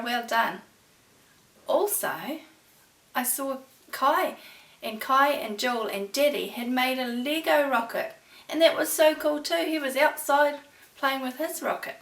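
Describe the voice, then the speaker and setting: A fairly high, bright woman's voice, talking to little ones in a warm, sing-song way. She sounds set back from the mic in an echoey room. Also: gravelly, recorded from a distance. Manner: warm, sing-song and encouraging, with big excited rises. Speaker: preschool teacher. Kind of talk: storytime lesson for young children.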